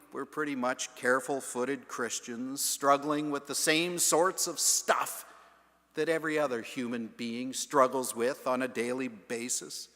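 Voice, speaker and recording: A man preaching a sermon as the pastor, telling a story in a deliberate, emphatic way in a large stone church. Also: medium pitch, fairly bright tone. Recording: long church reverb.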